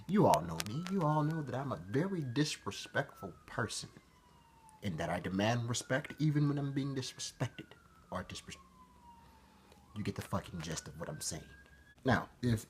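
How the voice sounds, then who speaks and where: A man's voice: mid-range voice, a little hiss or hum. A man talking to camera in a rambling, profane vlog monologue that keeps interrupting itself. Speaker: vlogger.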